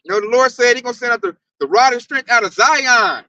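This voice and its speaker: A man with a Southern US accent, teaching scripture in an animated, slangy, hyped-up way. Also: extremely high pitch, fast, no echo, far from the mic, muffled recording. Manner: loud, slangy, hyped-up preaching. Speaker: Hebrew Israelite teacher.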